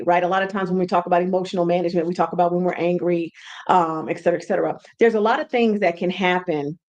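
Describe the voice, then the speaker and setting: A woman hosting a casual teaching talk from home, animated and repeating words for emphasis. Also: fairly low pitch. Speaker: podcast host and brand coach.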